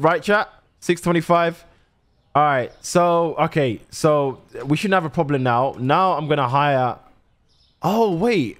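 Chatty young man streaming a game. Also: fairly high pitch. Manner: swears a lot, chatty, talks to chat. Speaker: streamer playing a shop simulator. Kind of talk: casual gameplay commentary to chat.

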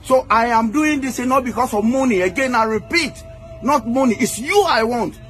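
A man's voice: very high-pitched, normal speed, fairly bright tone. A man, making an insistent public statement and ending his lines with "okay?". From Ghana. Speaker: man claiming to be a footballer's father.

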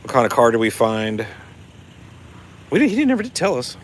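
A man's voice: medium pitch, sing-song, fairly quick, slight background noise. A man casually chatting on a livestream and reading out viewer comments in a laid-back, laughing way. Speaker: vlogger reading live chat.

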